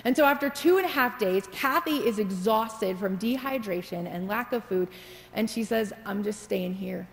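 A woman's voice: fairly high pitch, lively intonation, normal speed. A woman pastor telling a story in her sermon and leading into prayer, heard in a reverberant church sanctuary. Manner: storytelling preacher, builds to prayer.

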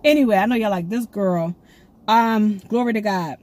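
A woman giving an excitable, rambling prophetic message to her viewers, recorded on her own camera at home. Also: medium pitch, moderate pace. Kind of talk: casual prophetic video message. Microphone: camera she sets up herself.

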